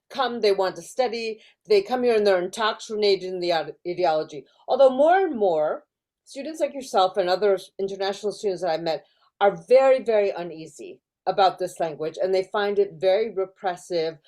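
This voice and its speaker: A woman's voice: mid-range voice, dark tone. A middle-aged woman professor talking in an interview over a video call, thoughtful, with many fillers and restarts. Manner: thoughtful, lots of fillers and restarts, acts out quoted voices. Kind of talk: casual academic discussion. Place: in California.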